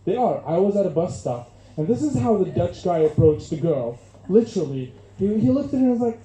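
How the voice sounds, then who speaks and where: A man's voice: high voice, big pitch swings, fairly quick, mellow, lo-fi sound. A young man from Syria performing a stand-up comedy set, chatty and loose, with lots of fillers. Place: comedy club stage. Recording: echoey room, poor audio.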